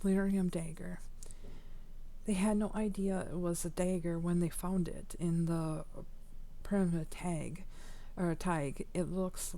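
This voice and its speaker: Female let's-play host, lowish mellow voice, casual read-aloud delivery with small slips. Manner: reads in-game text aloud, with small slips and restarts. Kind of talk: casual gameplay commentary.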